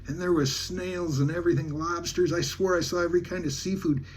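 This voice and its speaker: A man's voice: on the high side, fairly even intonation, a little fast, breathy edge. A man from Alaska, a travel vlogger, telling a rambling, folksy story in casual talk with many restarts.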